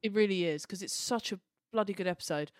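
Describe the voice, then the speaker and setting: Chatty woman podcast co-host, dry sound. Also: dry recording. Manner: animated, jokey, quick to quote lines in high put-on voices. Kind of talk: casual chat.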